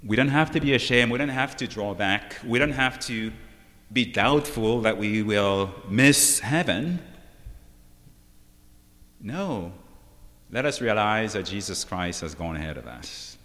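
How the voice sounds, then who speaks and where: Guy preaching slow, kinda low voice, asks lots of "right?" questions, big echoey hall. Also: expressive, fairly bright tone. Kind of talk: sermon. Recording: long hall reverb.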